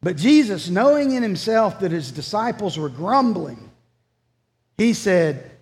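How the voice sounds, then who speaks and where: A man's voice: sits high, big pitch swings, a little slow, a little mellow, big-room sound. A man preaching a sermon as pastor, earnest and emphatic.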